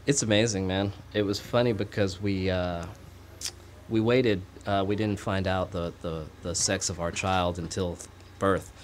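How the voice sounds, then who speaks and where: Male guest, low voice, earnest and chatty, light room noise. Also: fairly even intonation, unhurried. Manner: earnest, rambling, laughs easily. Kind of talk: casual interview talk.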